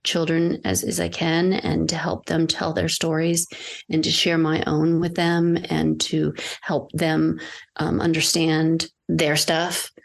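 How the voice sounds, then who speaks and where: A woman sits down as a podcast guest and tells a personal story in conversation. Her voice is low and gravelly with vocal fry, and she speaks earnestly, pausing and restarting as she goes. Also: monotone. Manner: earnest, halting, with frequent restarts and fillers. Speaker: podcast guest, acting coach.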